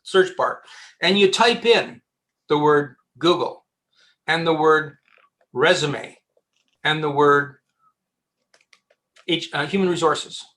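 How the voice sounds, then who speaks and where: Man, headhunter, podcast guest, animated, joking, restarts sentences, fairly high pitch. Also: takes it slowly, long pauses. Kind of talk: casual advice in a podcast interview.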